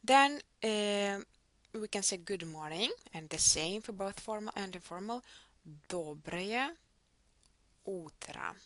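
A woman's voice: medium pitch, animated, unhurried, fairly bright tone, no echo. A woman teaching a language lesson, patiently modelling words for the listener to repeat. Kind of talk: slow instructional lesson.

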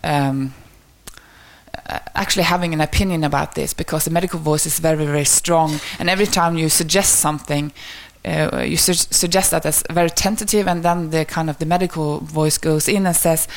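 A woman's voice: sits low, steady tone, brisk. A woman presenting research findings at an academic talk, speaking hesitantly with many fillers and restarts.

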